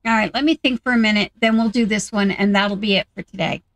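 A woman's voice: mid-range voice, fast talker, no echo, low-quality recording. A woman hosting a gaming video, chatting casually and thinking aloud as she plays. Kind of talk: casual game commentary.

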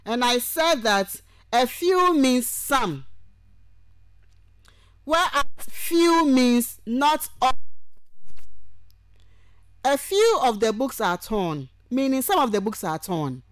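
A woman's voice: high voice, expressive, no room sound. A woman university lecturer giving a radio lecture on grammar, going through examples one word at a time. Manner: slow, deliberate, lists examples one by one. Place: radio studio.

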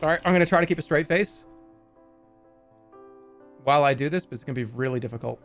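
A man streaming from his room at home, chatting casually in a joking, excitable way with sudden loud outbursts. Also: fairly high pitch, fast talker, soft background music. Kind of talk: casual live-stream chat.

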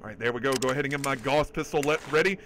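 A medium-pitched man talks very fast in a low-quality recording with a little hiss or hum and game music in the background. He's livestreaming a game, excitably chatting, swearing often, and reading chat aloud to thank donors.

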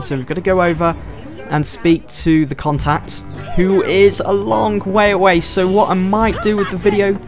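A man giving casual let's-play commentary, chatting and thinking aloud as he explores. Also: sits high. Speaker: gameplay commentator.

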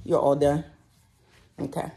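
A young woman talking casually in a home vlog, joking playfully and speaking gently to her child. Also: deep voice, flat delivery, unhurried. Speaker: vlogger and parent.

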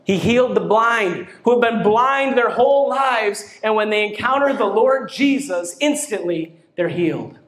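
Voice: mid-range voice, animated, a little slow, few pauses, fairly bright tone, echoey room. A pastor delivering a sermon to a congregation, with emphatic rising bursts. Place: church hall.

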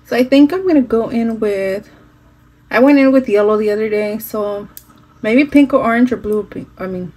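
A woman talks through her makeup steps in a loose, chatty way. She drops in phrases and the odd curse word. Her voice sits a little high and was recorded on a phone indoors at home. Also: a little fast, a little mellow, poor audio. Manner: chatty, switching into Spanish phrases, some swearing. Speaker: makeup vlogger. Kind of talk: casual makeup tutorial chat.

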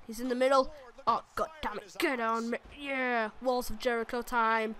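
A woman commentating on her own wrestling video game match, excitable, exclaiming and laughing often. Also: on the high side, measured pace. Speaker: gaming commentator.

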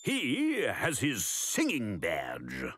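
Deep gentle british guy narrating a kids cartoon, hugely swooping, soft husky tone, dry booth with music under. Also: huge pitch swings, very slow, dry recording. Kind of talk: scripted narration for a preschool cartoon. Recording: dry studio voice-over with music.

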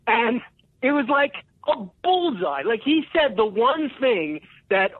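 A man telling a rambling, excitable story as a comedian guest on a casual podcast, often laughing. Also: extremely high pitch, takes it slowly, breathy edge, no echo. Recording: tinny phone line.

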